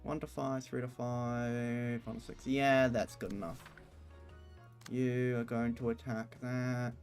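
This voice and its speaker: A man streaming a video game, chatting casually and reading the game's lines aloud in a relaxed way. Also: medium pitch, slow. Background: faint game music.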